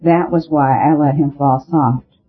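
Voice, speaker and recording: A man's voice: on the high side, fairly even intonation, a little slow, slightly rough. A man voicing a blunt young man. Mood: subdued. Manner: blunt, subdued. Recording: narrow phone-like sound.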